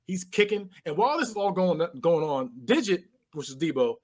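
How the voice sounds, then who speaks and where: A man's voice: high-pitched, sing-song, brisk. A man co-hosting a podcast, animatedly retelling a film scene by scene with sound effects and laughter. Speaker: podcast co-host. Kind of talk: casual movie recap chat.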